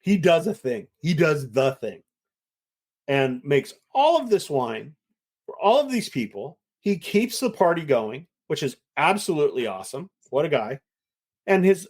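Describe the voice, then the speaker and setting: A middle-aged man, a winemaker, chatting casually and telling a lively story, acting out the voices of the people in it. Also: fairly high pitch, normal speed. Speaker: winemaker guest. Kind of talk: casual chat.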